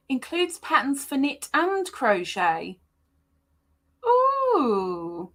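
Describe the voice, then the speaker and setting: A woman hosts a relaxed crochet livestream, her voice sitting a little high. She talks at an unhurried pace, playful and chatty as she greets viewers and teases her pets. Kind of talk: casual livestream chat.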